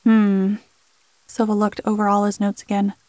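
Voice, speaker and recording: A woman narrating a first-person horror story in a measured, scripted delivery. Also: mid-range voice, flat delivery, a little mellow, no room sound.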